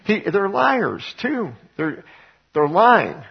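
A man's voice: high voice, sing-song, takes it slowly, gravelly, breathy edge, highs cut off. A male pastor preaching a conversational sermon to his congregation, full of rhetorical questions. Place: church sanctuary before a congregation.

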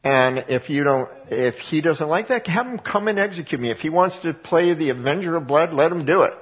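A preacher playing an ambitious, scheming young prince who boasts in casual modern talk. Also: male voice, a little high, animated, fairly quick, husky, dull audio.

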